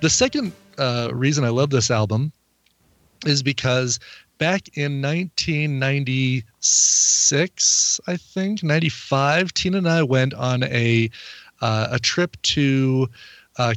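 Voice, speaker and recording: A man's voice: mid-range voice, fairly bright tone, dry recording. Rambling man chatting about an album. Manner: rambling, full of "uh" and "um" fillers. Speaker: music reviewer. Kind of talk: casual chat.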